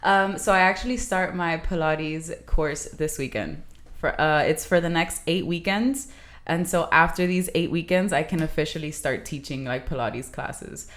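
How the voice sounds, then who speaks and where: A young woman chatting casually as a podcast guest, animated, laughing often and swearing freely. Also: low voice, normal speed. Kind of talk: casual chat.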